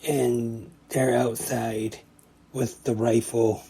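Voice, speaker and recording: A man's voice: medium pitch, level tone, vocal fry, mellow, husky. A man hosting a podcast, retelling a comedy short scene by scene in a plain, casual way. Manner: slow, plain play-by-play retelling. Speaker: podcast host.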